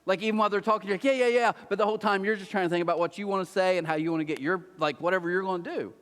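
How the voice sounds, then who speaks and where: A man preaching a conversational sermon who acts out little scenes in quick put-on voices. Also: high-pitched, steady tone, fairly bright tone. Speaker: pastor. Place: church auditorium. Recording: long hall reverb.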